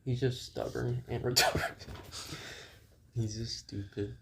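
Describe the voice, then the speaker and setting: A young man chatting casually beside a vlog host, making quiet, laid-back comments and chuckling. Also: mid-range voice, little pitch movement, slow, gravelly, a little hiss or hum. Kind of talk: casual chat.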